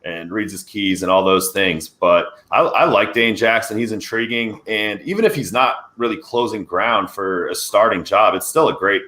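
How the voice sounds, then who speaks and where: A man's voice: lowish voice, normal speed, few pauses. A man co-hosting a sports podcast, chatting casually and energetically as he breaks down football. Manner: energetic, conversational football analysis. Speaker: podcast co-host.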